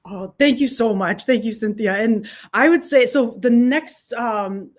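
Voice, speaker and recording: A woman's voice: a little high, measured pace. Woman guest on a talk show, giggly, thankful, trips over first words. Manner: grateful, giggly, repeats words at starts. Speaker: guest filmmaker. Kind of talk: interview answers.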